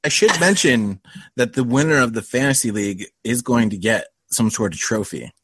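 A man's voice: medium pitch, lively intonation, normal speed, fairly bright tone, breathy edge, dry recording. A man guesting on a podcast in casual chat, dry and matter-of-fact. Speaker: podcast guest, fellow host.

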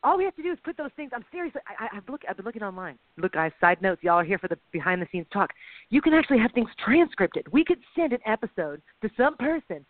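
A woman co-hosts a casual podcast, talking fast and animated and poking fun at herself. Her voice comes through a tinny phone line with no room sound. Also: fairly high pitch, no echo. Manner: chatty, animated, self-deprecating. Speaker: podcast co-host. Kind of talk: casual chat.

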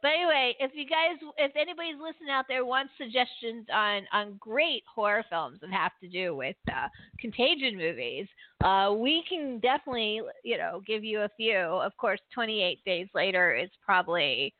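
A woman's voice: medium pitch, expressive, normal speed, hardly any pauses, dry recording. A woman hosting a call-in show, talking casually with frequent laughs and stammered restarts. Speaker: podcast host. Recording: tinny phone-line call-in audio.

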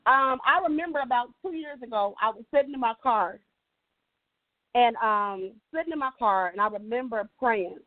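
A woman's voice: fairly high pitch, moderate pace, no room sound. Woman guest, faith-based motivational talk, emphatic and repetitive, dry tinny line. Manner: emphatic, repeats key lines, asks "right?". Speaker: guest speaker.

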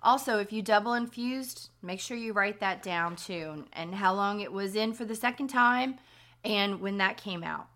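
A woman hosting a podcast walks through remedies step by step in a practical, instructional manner. Her voice is scratchy and slightly hoarse, with a medium pitch, a fairly bright tone and a moderate pace.

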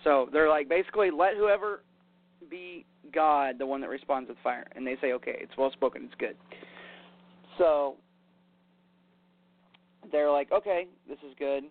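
Over a tinny, phone-like line, a man gives a casual sermon with scripture reading, paraphrasing verses conversationally with "basically" and "you know." His voice is fairly high, and he speaks unhurriedly with frequent pauses.

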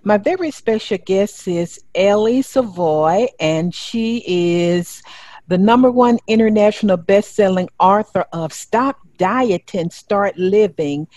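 A woman's voice: mid-range voice, slow, a little mellow, dry recording. A woman with a Southern American accent hosting a radio interview show, speaking with upbeat enthusiasm.

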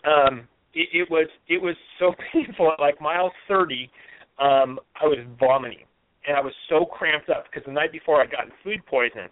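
A man's voice: on the high side, moderate pace, a little hiss or hum. Earnest man on a tinny phone line. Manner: earnest, reflective, with frequent restarts. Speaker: guest. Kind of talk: conversational interview.

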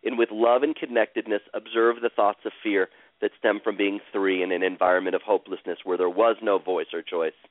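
A man's voice: on the low side, steady tone, a little fast, no room sound. Man, guided healing session, soothing, repetitive chanting phrases, tinny phone-line sound. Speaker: host guiding a caller through emotional healing.

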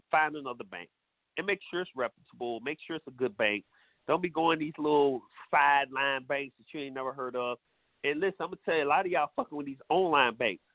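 A man's voice: a little high, no echo. A man hosting a talk show, giving blunt, profane advice in a preachy, casual monologue. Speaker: radio show host. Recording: tinny phone-like sound.

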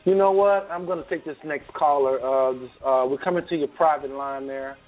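A man hosting a call-in show, speaking fervently and preachily with many halting fillers. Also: a little high. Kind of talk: casual call-in talk. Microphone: phone. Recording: tinny phone line.

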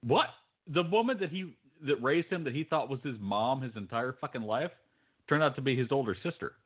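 A man's voice: mid-range voice, animated, fairly quick, slightly rough. A man co-hosting a podcast in casual chat, dry and profane, reading lookups aloud. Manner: dry, swearing, reads search results aloud. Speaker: podcast co-host. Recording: phone-like narrow sound.

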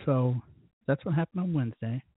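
A man hosts his own talk show, drinking as he rambles through a crude, profanity-laced story. His voice is husky, and the recording is dry and narrow, like a phone line. He sounds loose and a little wasted. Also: mid-range voice, a little fast, no room sound. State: tipsy from drinking. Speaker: podcast host. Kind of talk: casual rambling monologue.

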